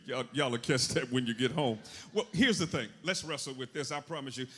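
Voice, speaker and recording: A man preaching a sermon as pastor, with animated call-and-response. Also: medium pitch, a little fast, hardly any pauses, slightly rough. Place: church sanctuary. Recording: long reverb of a church hall.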